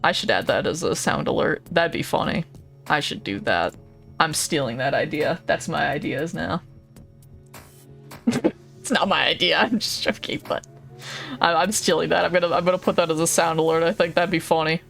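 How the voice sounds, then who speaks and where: Streaming a game, a woman chats casually with her viewers, laughing a lot and swearing freely. Her voice is low, creaky and slightly bright, and she talks at a normal speed. Faint music plays in the background of this relaxed live-stream chat.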